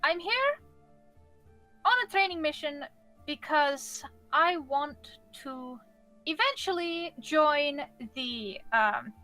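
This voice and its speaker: A woman with a high voice plays her character in a tabletop game. She speaks earnestly and somewhat formally. Faint music plays behind her. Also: lively intonation, slow, pushed and bright, low-quality recording. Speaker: player. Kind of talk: in-character tabletop role-play.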